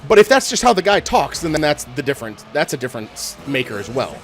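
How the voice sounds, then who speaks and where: A man chatting casually with friends while playing a game online, talking loosely and swearing, thinking out loud as he goes. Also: on the high side, very animated, fast talker, soft background music. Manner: loose, profane, thinking aloud. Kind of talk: casual chat over game voice chat.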